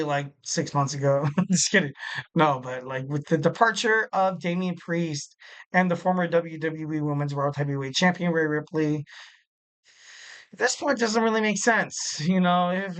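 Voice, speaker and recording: A man's voice: high voice, fairly bright tone. A man hosting a casual solo wrestling podcast, rambling and jokey, with lots of filler words. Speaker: podcast host.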